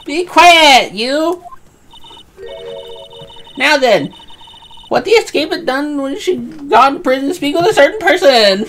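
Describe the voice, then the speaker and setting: A woman's voice: high voice, very animated, unhurried, pauses often, fairly bright tone, slight background noise, full character voice. A woman voicing a haughty young woman prosecutor who barks curt orders in a game fan dub. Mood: imperious.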